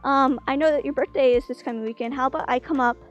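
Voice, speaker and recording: A woman's voice: high voice, fairly even intonation, quick pace, muffled recording, soft background music, lightly acted. A hapless young guy talks in a casual, slightly whiny way, as a woman retells a joke. He stays loose and chatty. The voice is told rather than fully acted. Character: hapless young man, stranded driver.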